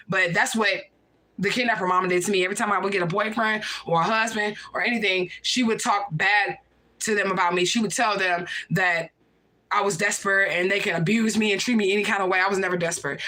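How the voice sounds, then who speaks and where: A woman giving a casual livestream tarot reading, ranting bluntly with lots of profanity and acting out what other people say. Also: on the high side. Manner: animated, acts out other people's speech. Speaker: tarot reader.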